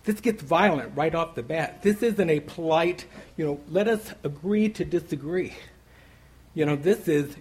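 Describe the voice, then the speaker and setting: Man, Bible study teacher, slightly high voice, husky tone, chatty asides, restarts. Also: moderate pace, rough recording. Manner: conversational, many "you know" asides; restarts and repeats words while thinking aloud.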